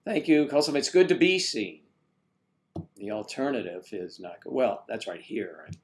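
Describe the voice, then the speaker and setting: A man's voice: lowish voice, sing-song, moderate pace. Rambling man hosting a live chat. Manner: rambling, joking, greets viewers and reads their comments aloud. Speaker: live stream host.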